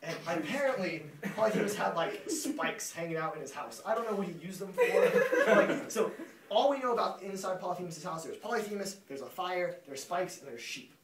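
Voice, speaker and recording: Jokey, rambling young man, high and animated. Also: brisk, over a noisy crowd. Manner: jokey, rambling, lots of fillers. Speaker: student presenter. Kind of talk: casual class presentation. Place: classroom. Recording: roomy classroom, distant mic, loud class laughter.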